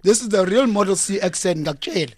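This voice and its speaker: Deadpan South African man, dry studio sound. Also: high-pitched, fast, dry recording. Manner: deadpan comic storytelling. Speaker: comedian guest. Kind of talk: joking radio interview chat. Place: radio studio. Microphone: studio microphone.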